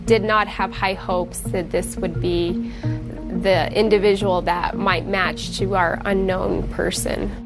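A woman's voice: medium pitch, level tone, slow. A woman crime lab analyst speaking in an interview, careful and matter-of-fact. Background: music underscore.

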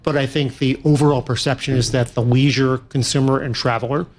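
Measured male industry analyst. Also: mid-range voice, fairly even intonation. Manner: measured, with frequent fillers and restarts. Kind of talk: interview answers.

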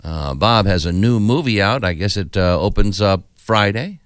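Smooth, low-voiced radio host. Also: male voice, lively intonation, moderate pace, dry recording, clean studio sound. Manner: easygoing, hesitant with fillers. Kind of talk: casual radio interview. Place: radio studio.

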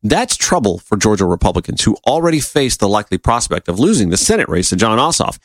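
A man's voice: quick pace, no room sound. A man hosting a political talk show, reading a column aloud and breaking in with sarcastic asides. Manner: sarcastic, animated asides with sudden pitch jumps. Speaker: radio talk show host.

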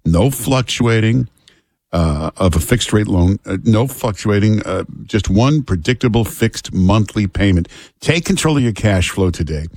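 A man hosting a talk radio show, chatting casually and reading ads in a relaxed, unhurried way. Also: fairly low pitch, dry recording. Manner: relaxed, unhurried, filler-heavy. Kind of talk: casual talk radio chat and live ad reads.

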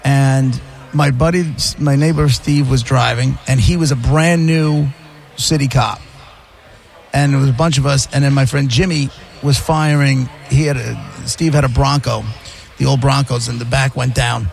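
A man hosting a casual chat, asking quick questions and telling his own story with quoted voices. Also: mid-range voice, fairly even intonation, creaky, darkish tone.

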